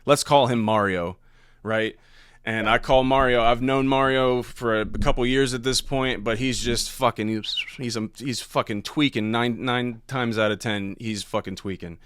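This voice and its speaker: A man's voice: medium pitch, fairly even intonation, moderate pace, a bit bright, clean tone. A man who does stand-up, telling a story as a podcast guest in a laid-back, profane way. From Ohio. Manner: laid-back, profane, laughs between lines. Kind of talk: casual storytelling.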